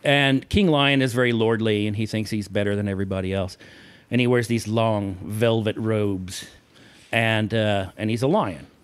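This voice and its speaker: A man's voice: lowish voice, normal speed, clear, resonant tone. A man telling stories about his old costume-character job in a casual chat, often laughing and acting out the voices of the people in his stories. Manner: animated storyteller, laughs often, acts out voices in quotes. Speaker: guest, former theme park costume performer.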